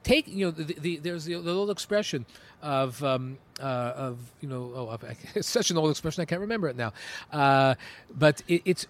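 A middle-aged man from Canada, an entrepreneur telling stories in an interview, animated and emphatic with many restarts. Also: on the high side, moderate pace. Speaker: entrepreneur guest. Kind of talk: interview storytelling.

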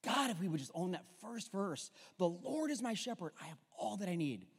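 Male pastor, bright high voice, animated, casual and joking between scripture, church hall reverb. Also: brisk, breathy edge. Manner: jokey, conversational preaching with asides. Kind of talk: sermon. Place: church sanctuary.

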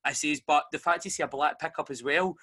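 A Scottish man hosting a casual chat, telling a story with lively energy and acting out the voices of the people he quotes. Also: on the high side, fairly quick, slightly rough.

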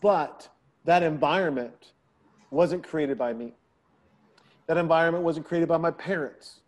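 A man's voice: fairly high pitch, a little slow. A middle-aged man telling family stories in a casual podcast conversation, acting out the quoted voices of the people in them. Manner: animated, acts out quoted voices of his daughter.

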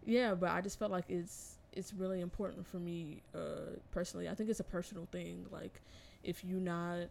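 Young woman rambling on a podcast, lots of likes and ums, kinda gravelly voice. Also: on the low side, fairly even intonation, moderate pace, darkish tone, slight background noise. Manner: rambling, filler-heavy, trailing off. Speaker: podcast co-host. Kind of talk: casual chat.

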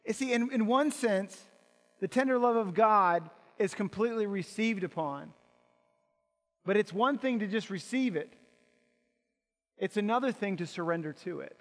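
A man's voice: sits high, normal speed, pauses often, in a large hall. A male pastor preaching an impassioned sermon, asking rhetorical questions and repeating words as he builds.

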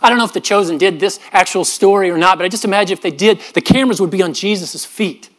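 A middle-aged man, a pastor, preaching a sermon in an earnest manner, often dropping his voice softly and repeating words as he goes. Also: high voice, fast. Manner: earnest, with frequent soft drops and repeated words.

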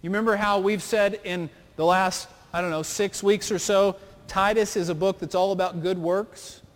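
A man preaches from the pulpit in a high voice, pressing his listeners with earnest questions in a steady preacher's cadence. The church sanctuary leaves a long reverb trailing behind each phrase. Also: normal speed. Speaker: pastor. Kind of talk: sermon.

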